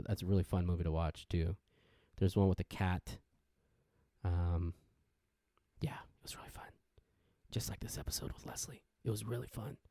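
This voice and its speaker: A man hosting a podcast, rambling through a casual intro rant and jumping into sudden excitement. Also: fairly low pitch, dry recording, clean studio sound. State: wired on energy drink. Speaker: podcast host.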